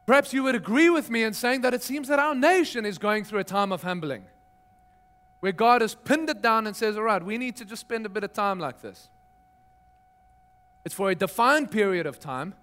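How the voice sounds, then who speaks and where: A middle-aged pastor with a notably high voice delivers a sermon. He talks in an easy, conversational way and carries his points through stories and gentle humor. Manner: storytelling with humor, lively and conversational.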